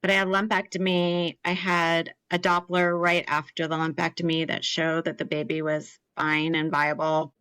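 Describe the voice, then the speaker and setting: Woman in her thirties, a bit low-pitched, dry close sound; earnest storyteller who slips into quoted voices. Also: fairly bright tone, dry recording, poor audio. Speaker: podcast guest, cancer survivor. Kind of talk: personal storytelling in an interview.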